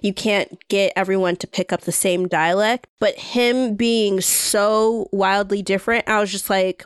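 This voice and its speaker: A woman co-hosting a podcast in casual chat, talking in a chatty, animated way full of asides. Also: medium pitch, moderate pace, few pauses, clear, resonant tone, no echo, clean studio sound. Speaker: podcast co-host.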